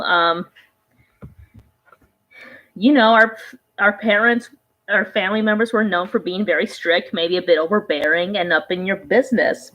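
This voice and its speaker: A woman's voice: mid-range voice, a bit bright, dull audio. A woman vlogger giving casual reaction commentary, rambling and conversational, often trailing off and restarting her thoughts.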